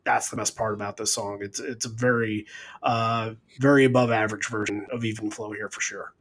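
A man's voice: fairly low pitch, steady tone, brisk, fairly bright tone. A man hosting a casual podcast, talking through a live concert recording with a lot of repeated words and bursts of enthusiasm. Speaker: podcast host reviewing a concert. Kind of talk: casual music discussion.

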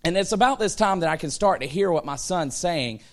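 Animated man telling a sermon story. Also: high voice, a little fast. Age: 30s. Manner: animated storytelling, acts out voices, rising to excited shouts. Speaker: pastor. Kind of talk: sermon with humorous personal stories.

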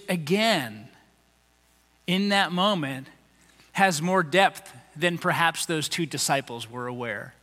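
Guy pastor giving a chatty sermon, high voice, reverb-y hall. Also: sharp tone. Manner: conversational, acts out quotes in voices.

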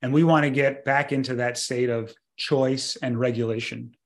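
A middle-aged man, a doctor, explaining in a calm conversational way on a podcast. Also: medium pitch. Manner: calm explanatory, slows for guided breathing. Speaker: doctor and co-author.

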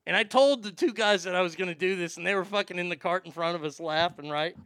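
Profane storytelling man, gravelly voice. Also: high-pitched, quick pace, dry recording, clean studio sound. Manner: profane, animated, laughing. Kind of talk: casual anecdote storytelling.

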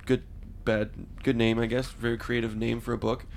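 A man's voice: medium pitch, flat delivery, moderate pace, gravelly. A man hosting a comedy podcast, reading out a list with wry asides in casual chat. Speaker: podcast host.

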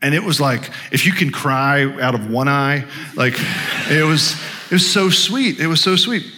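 Bright-voiced man preaching. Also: a little high, animated, normal speed, slight background noise. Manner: conversational, self-deprecating, many restarts. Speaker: pastor. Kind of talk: storytelling sermon.

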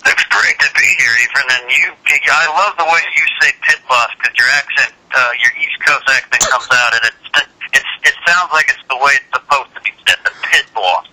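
A man speaks as a podcast guest with an upbeat radio announcer's delivery. His voice is very bright and forward, with a sharp, ringing edge. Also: mid-range voice, normal speed, poor audio. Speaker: podcast guest, digital broadcaster. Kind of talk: casual interview. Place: Los Angeles.

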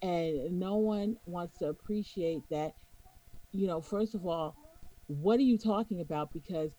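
A woman's voice: lowish voice, measured pace, mellow, rough recording. A woman from New York with a New York accent, co-hosting a podcast in a casual, opinionated way, emphatic and lecturing, often checking in with "okay?". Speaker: podcast co-host.

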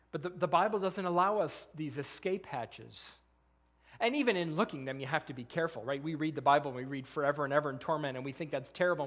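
A man's voice: on the high side, fairly bright tone. A man pastor preaching a sermon in an earnest style, often repeating words and posing rhetorical questions.

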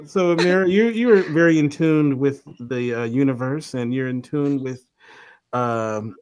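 A man hosting a casual panel chat, asking his questions haltingly with many fillers. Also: mid-range voice, darkish tone. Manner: halting, full of fillers and restarts. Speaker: host.

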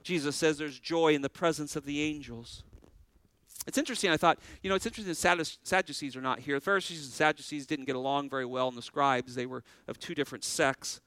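A man's voice: fairly high pitch, quick pace, a bit bright, smooth, dry recording, low-quality recording. A male pastor preaching a sermon, earnestly putting questions to his congregation.

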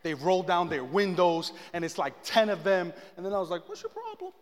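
High-voiced pastor preaching in an echoing hall. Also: male voice, normal speed. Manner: animated, self-mocking storyteller who acts out his own shouting. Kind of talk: sermon with personal storytelling.

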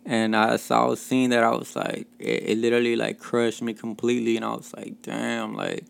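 A man's voice: medium pitch, little pitch movement, a little fast, vocal fry, clear, resonant tone. A man from Mexico hosting a casual podcast, telling stories in a loose, profane way, full of fillers and chuckles. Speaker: podcast host.

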